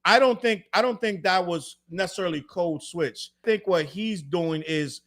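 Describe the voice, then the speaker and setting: Insistent high-pitched man holding the floor. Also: moderate pace, a bit bright. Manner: insistent, cuts in with repeated "no, no". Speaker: podcast host. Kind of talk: casual debate chat.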